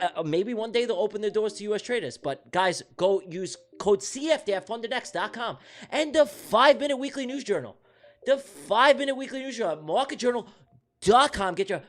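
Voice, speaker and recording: A man voicing a hyped male ad announcer, loud and punchy. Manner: loud, punchy, rapid pitch. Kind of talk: sponsor read.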